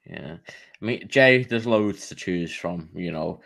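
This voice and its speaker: Deep-voiced man hosting a football chat. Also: lively intonation, a little slow, creaky, a bit bright. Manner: leads the discussion, hands questions to each guest. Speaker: podcast host. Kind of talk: casual football podcast chat.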